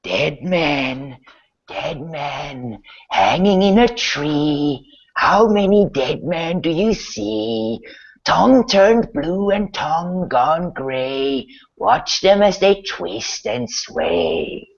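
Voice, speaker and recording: A man voicing an eerie unseen spirit that chants a slow singsong rhyme, on a slightly dull lo-fi recording. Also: fairly high pitch, animated, gravelly, voice pushed up, heavily acted.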